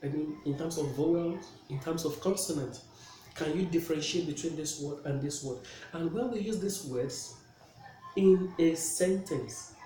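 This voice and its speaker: A man's voice: on the high side, warm tone. A man teaching a classroom pronunciation lesson, checking in often with "okay?". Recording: echoey room with faint noise.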